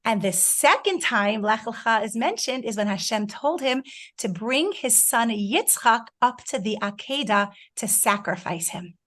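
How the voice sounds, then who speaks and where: A woman's voice: on the high side, expressive, a little slow, fairly bright tone. A woman in her forties telling a personal story to an online group, acting out her own past words. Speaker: guest speaker. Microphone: video call.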